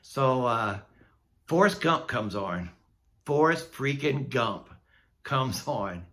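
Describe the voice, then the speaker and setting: A man's voice: medium pitch, expressive, slow, fairly bright tone. A man vlogging a personal story in a casual, candid way, laughing at himself as he goes. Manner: candid and self-mocking, laughing at his own misery.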